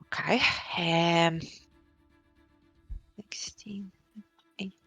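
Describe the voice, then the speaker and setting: A woman's voice: on the low side, steady tone, very slow, a bit bright, breathy edge, dry recording, soft background music. A woman playing a tabletop game, asking the game master questions tentatively and chatting about her rolls. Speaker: player. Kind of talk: casual game chat.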